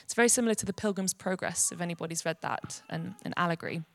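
A woman giving an earnest, gentle devotional teaching. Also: lowish voice, fast. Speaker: Bible teacher.

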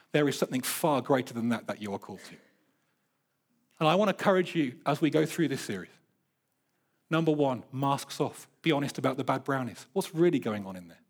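A man's voice: medium pitch, lively intonation, a little fast, slightly rough. A middle-aged man preaching a sermon, earnest and building emphasis, with playful storytelling. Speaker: pastor.

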